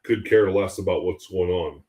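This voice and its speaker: Low-voiced rambling man in an echoey room. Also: normal speed, mellow. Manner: rambling, many fillers. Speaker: podcast co-host. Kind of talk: casual podcast chat.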